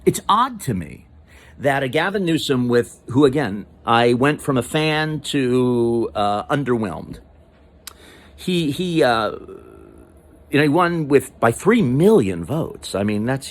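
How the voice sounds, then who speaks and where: A man's voice: mid-range voice, big pitch swings, takes it slowly. A man hosting a comedic political monologue, rambling and interrupting himself with mock-serious asides. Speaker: comedian host.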